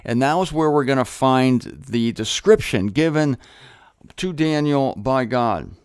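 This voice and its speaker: Male host, casual Bible talk with quips, smooth resonant voice, dry close sound. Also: mid-range voice, a little slow, no room sound. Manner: chatty, jokey asides, animated emphasis.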